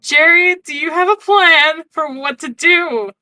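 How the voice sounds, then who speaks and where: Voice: high voice, a little slow, bright, forceful tone, dry recording. A player in a tabletop game, speaking dryly and sarcastically. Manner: dry, sarcastic.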